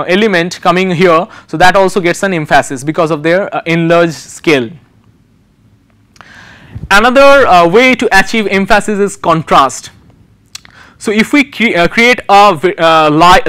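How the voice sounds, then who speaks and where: A male university lecturer talks through design slides in a fairly high, clean and resonant voice. His delivery is halting, full of pauses and restarted phrases as he searches for the next word. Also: a bit bright, clean tone.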